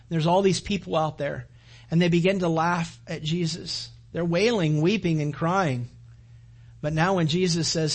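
A man's voice: a little high, steady tone, measured pace, slightly rough. A man preaching a sermon, retelling scripture in a conversational storytelling way and acting out quoted lines. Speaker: pastor.

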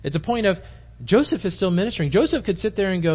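A man's voice: high voice, animated, fast talker, breathy edge. A man giving an informal, rambling Bible-study sermon in church, often restarting his sentences and acting out quotes. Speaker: lay preacher teaching Bible study. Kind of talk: conversational sermon. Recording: dull lo-fi sermon tape.

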